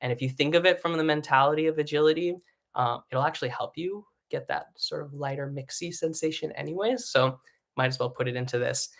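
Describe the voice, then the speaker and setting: A man teaching a live online singing lesson, talking in a relaxed, chatty way and often asking "right?", and breaking into short sung vowels that leap up into a high head voice. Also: fairly quick, vocal fry.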